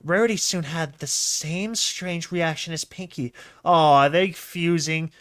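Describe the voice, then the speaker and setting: A man's voice: on the high side, measured pace, fairly bright tone. A man casually reading a horror comic aloud, breaking off with chatty, exclaiming and mocking asides. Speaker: narrator and reactor.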